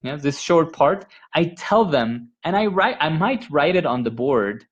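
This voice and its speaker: A man's voice: on the high side, very animated, husky. Guy teaching english sounds over a muffled call, drags out consonants when he demos. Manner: models sounds by stretching them out slowly. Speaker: pronunciation instructor. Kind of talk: teaching a live workshop.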